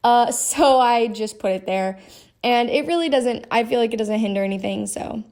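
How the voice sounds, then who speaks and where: Her voice a little high and darkish, a young woman game streamer narrates her build at a moderate pace in a chatty, rambling casual voice-over packed with fillers.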